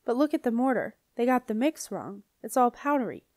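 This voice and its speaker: A woman's voice: on the high side, animated, darkish tone, dry recording, studio quality, lightly acted. A woman doing a bossy, impatient girl. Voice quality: brisk, bossy.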